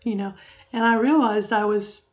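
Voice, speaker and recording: A woman's voice: medium pitch, steady tone, normal speed. A middle-aged woman talking in a casual video diary, reflective and rambling, full of fillers and restarts. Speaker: vlogger. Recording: dull lo-fi audio.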